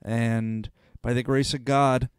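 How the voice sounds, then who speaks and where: Male guest, mid-pitched, dry close mic, brief chiming remarks. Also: little pitch movement, slow pace, clean tone, no echo. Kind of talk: casual chat.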